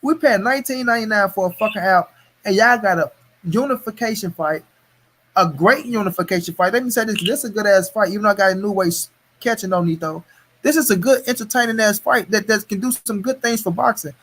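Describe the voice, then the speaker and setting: Guy hosting a boxing stream, high voice, cussing up a storm, heated. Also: fast, fairly bright tone, a little hiss or hum. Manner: profane, heated ranting. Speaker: host of a boxing talk stream. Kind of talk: casual live-stream boxing chat.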